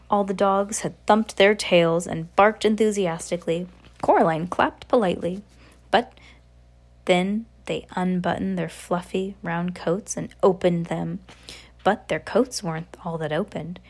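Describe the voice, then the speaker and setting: Woman reading a storybook aloud. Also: on the low side. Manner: steady reading with occasional slips and self-corrections. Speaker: audiobook reader.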